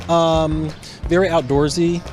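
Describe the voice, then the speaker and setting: Man, street interview, thoughtful, halting, music behind. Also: on the high side, little pitch movement, a little mellow. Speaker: passer-by. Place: city street outdoors.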